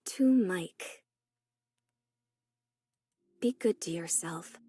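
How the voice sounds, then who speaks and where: A man voicing a dying young mother reading her farewell letters in a whispered role-play, soft and breathy. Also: high voice, pitched above the performer's own voice. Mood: tender. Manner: slow tender reading. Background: soft background music.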